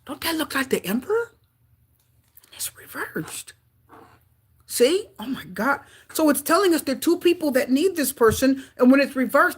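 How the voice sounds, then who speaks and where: A woman giving a live tarot reading to her viewers, talking in an excitable way with frequent exclamations. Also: a little high, husky. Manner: excitable, gasping and exclaiming at cards. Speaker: tarot reader.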